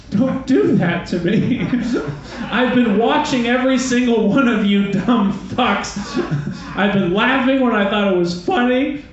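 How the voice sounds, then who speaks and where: A male stand-up comic with a fairly high voice, rambling through his set in a profane, self-deprecating way. He speaks into a handheld stage mic. The sound is muffled and bounces around a very echoey club, with faint noise behind it. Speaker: stand-up comedian.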